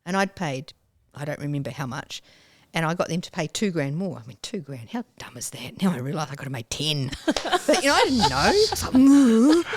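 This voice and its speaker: Animated woman. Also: on the low side, normal speed, few pauses, no echo. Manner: animated, acts out her own past self with sudden squeals and whispers. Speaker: guest. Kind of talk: storytelling in a casual interview.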